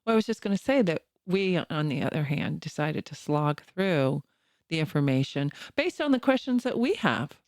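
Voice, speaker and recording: A woman's voice: low voice, very animated, moderate pace, no echo, studio quality. An older woman co-hosting a podcast, teasing and playful in casual chat. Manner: playful, laughs often, teasing. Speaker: podcast co-host.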